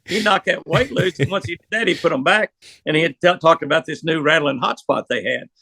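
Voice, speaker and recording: A man's voice: on the high side, fairly quick, sharp tone, breathy edge, no room sound. An older man, a professional angler, telling rambling, folksy anecdotes in an interview. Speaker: pro angler guest. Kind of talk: storytelling interview.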